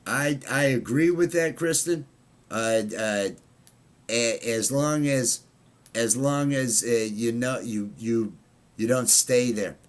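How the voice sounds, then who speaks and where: A man's voice: mid-range voice, slow pace. A man hosting a casual livestream chat, rambling with many fillers and restarts. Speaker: livestream host.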